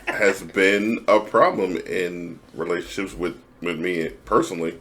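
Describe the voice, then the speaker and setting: A man in his forties in casual podcast chat, talking emphatically and getting animated at points. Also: unhurried. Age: 40s. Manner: emphatic, animated, jumps high when mimicking others.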